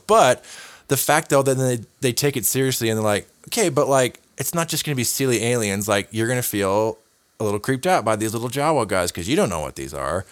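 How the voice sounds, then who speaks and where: A man hosting a casual panel chat, animated and acting out little quotes as he talks. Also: lowish voice, fairly quick.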